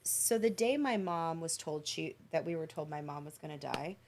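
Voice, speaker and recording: A woman's voice: deep voice, animated, normal speed, darkish tone. A woman, a podcast guest, telling an emotional personal story in an earnest, reflective way. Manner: earnest, reflective, tells stories in detail.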